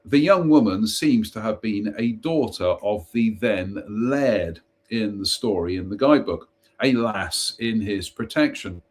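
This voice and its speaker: A man reads ghost stories aloud on a live stream in a slow, unhurried way. His voice is husky and a little rough. Between passages he makes chatty, self-mocking asides and trips over the odd place name. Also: lowish voice. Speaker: host.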